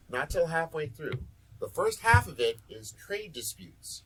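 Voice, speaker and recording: A man's voice: fairly high pitch, sing-song, unhurried, a bit bright, slightly rough, low-quality recording. A man hosting a casual podcast, ranting and joking. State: sore back. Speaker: podcast host.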